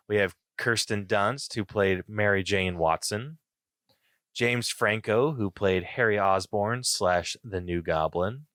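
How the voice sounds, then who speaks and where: A man co-hosting a podcast, reading off a list and chatting about movies in an unhurried way. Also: on the low side, a bit bright, no room sound, clean studio sound. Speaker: podcast co-host. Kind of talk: casual movie discussion.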